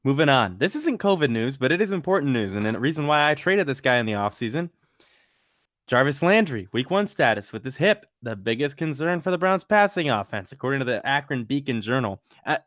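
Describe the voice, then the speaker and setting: A man's voice: medium pitch, big pitch swings, fast, a bit bright, no room sound, studio quality. A man hosting a casual sports podcast, blunt and emphatic, swearing freely. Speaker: podcast host.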